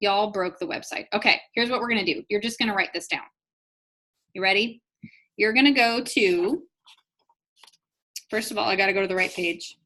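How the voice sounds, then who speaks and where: A woman's voice: medium pitch, normal speed, long pauses, sharp tone. A woman leading a live online business training, chatty, upbeat and encouraging, talking straight to her audience. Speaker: network marketing trainer.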